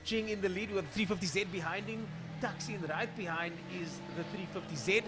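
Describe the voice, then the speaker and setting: Heavy background noise surrounds a man's high voice as he briskly delivers casual live commentary on a drag racing stream. Chatty and thinking out loud, he fills the gaps while he looks up drivers' names.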